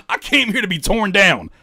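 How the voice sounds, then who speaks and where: A man in casual reaction commentary whose high voice leaps all over the place. He cracks jokes and throws in profane slang. The sound is dry and close up. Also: creaky, no room sound. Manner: animated, joking, rereads lyrics aloud. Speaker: reaction host.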